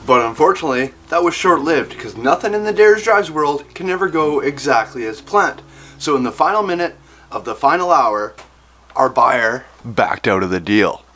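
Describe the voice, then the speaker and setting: A man's voice: medium pitch, lively intonation, moderate pace, sharp tone, a little hiss or hum. A man telling the story of his vlog in a conversational voice-over. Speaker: vlogger narrating. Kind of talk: voice-over narration.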